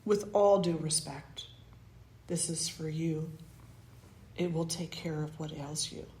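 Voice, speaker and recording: A woman voicing a humble, elderly beggar man who speaks softly and pleads gently, in an echoey room. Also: deep voice, fairly even intonation, slow pace, slight background noise. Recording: roomy echo.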